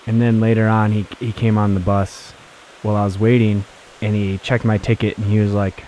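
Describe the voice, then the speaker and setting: A man's voice: lowish voice, flat delivery, a little fast, dark tone, a little hiss or hum. A man casually recounting his travels as a vlogger, rambling with fillers and restarts. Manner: rambling, laid-back, many fillers and restarts.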